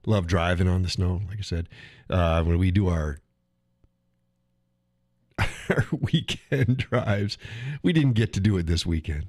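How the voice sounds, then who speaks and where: A middle-aged man with a very low voice talks casually to his live stream audience. He rambles, restarts phrases and chuckles often. The sound is dry and close, with no room echo. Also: a little slow, pauses often, a little mellow. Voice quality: chuckles often while talking. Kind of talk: casual solo chat.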